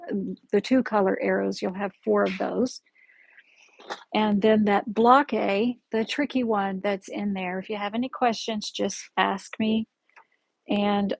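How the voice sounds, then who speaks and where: A woman hosting a casual live-stream quilting lesson from her sewing room, chatty and friendly, often pausing to correct herself. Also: mid-range voice, darkish tone, dry recording, low-quality recording. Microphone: camera in the room, with her stepping back from it.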